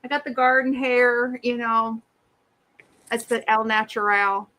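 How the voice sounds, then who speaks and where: A middle-aged woman telling a funny story in a casual chat, her voice bright and slightly high. She talks in an animated way and puts on little voices for the people she quotes. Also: unhurried. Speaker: podcast co-host.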